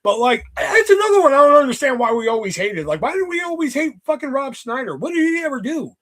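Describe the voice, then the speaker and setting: Man, casual movie chat host, bright tense voice, animated delivery, profane rambling. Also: very high voice, quick pace. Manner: rambling, heavy swearing, many fillers.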